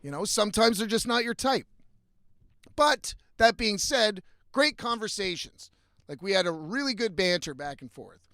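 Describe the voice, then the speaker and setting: A young man with a fairly high voice rants bluntly about his life, swearing freely and sounding fed up. The sound is dry and close, with almost no room around it. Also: expressive, normal speed, bright, forceful tone, dry recording. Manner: profane, blunt, frequently exasperated. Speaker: vlogger. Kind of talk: casual storytelling rant.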